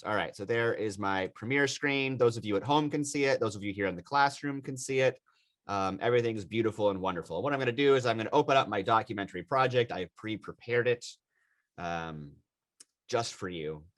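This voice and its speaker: A man's voice: mid-range voice, fairly bright tone. A man teaching a class on video editing, emphatic and repeating key points for stress.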